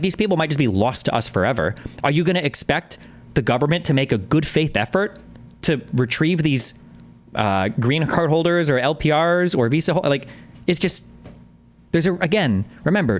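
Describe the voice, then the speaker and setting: A man streaming, giving blunt, profane commentary while he reacts to a video. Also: a little high. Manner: blunt, profane, rapid interjections. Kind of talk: casual live-stream commentary.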